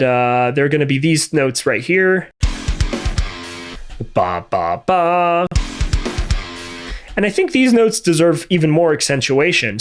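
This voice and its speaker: A man teaching MIDI drum programming in a methodical, think-aloud way, with frequent fillers and restarts. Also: a little high. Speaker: music production instructor. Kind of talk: screen-recorded tutorial. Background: drum and music playback between remarks.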